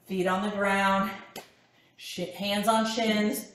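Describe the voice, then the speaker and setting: A woman's voice: mid-range voice, flat delivery, takes it slowly, distant mic. A woman instructor leading a core workout class, counting reps and calling out short cues. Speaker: fitness instructor. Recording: echoey room with background music.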